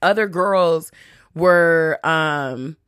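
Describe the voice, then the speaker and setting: A New York City podcast host tells a casual story in a low, very slow voice that is fairly bright, clear and resonant. She's chatty and profane, leans hard on "like" and other fillers, and acts out the quotes. The recording is dry and studio quality.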